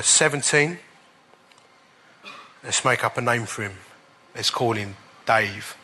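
A man preaching, telling a personal testimony in an animated way and chuckling at the funny parts. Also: mid-range voice. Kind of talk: storytelling sermon.

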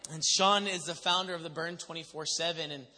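Guy preaching, tells stories animated, big echoey hall, sharp high voice. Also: fairly quick. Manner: animated storyteller who acts out quotes. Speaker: pastor. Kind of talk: sermon testimony to a congregation. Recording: long reverb of a large hall.

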